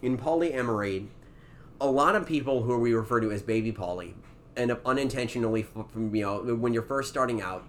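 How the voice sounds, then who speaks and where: A man's voice: medium pitch, fairly quick, a bit bright, a little hiss or hum. A man co-hosting a podcast in casual chat, blunt and profane, laughing often and cutting in. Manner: blunt, profane, laughs often, jumps in over the other speaker. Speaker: podcast co-host.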